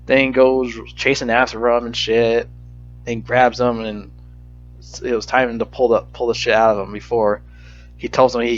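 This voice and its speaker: A man giving a casual, rambling movie review rant, profane and frustrated, in slightly dull lo-fi audio. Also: medium pitch.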